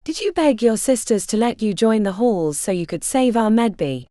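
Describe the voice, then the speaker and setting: A woman voicing a stern eldest witch sister who speaks low and mean, in an audiobook. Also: very animated, normal speed, warm tone, dry recording, studio quality. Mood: contemptuous.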